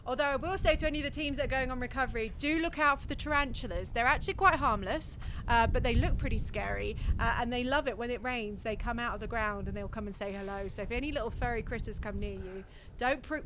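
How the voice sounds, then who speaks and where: British woman host, higher voice, chatty live commentary, faint noise behind. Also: fast talker. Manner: chatty and cheerful, laughs often. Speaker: livestream commentator. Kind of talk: casual broadcast commentary.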